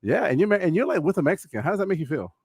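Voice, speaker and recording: A man's voice: a little high, big pitch swings, racing, darkish tone, slightly rough. A man trading sarcastic, teasing banter as a podcast co-host, his voice rising and falling freely. The sound is close and dry, with no room echo. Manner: teasing, sarcastic, laughs a lot.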